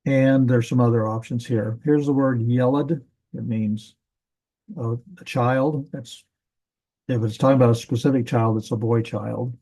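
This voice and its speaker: Mellow-voiced man teaching Hebrew grammar. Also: mid-range voice, steady tone, unhurried, low-quality recording. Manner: casual, thinking aloud with self-corrections. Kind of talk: classroom grammar lesson.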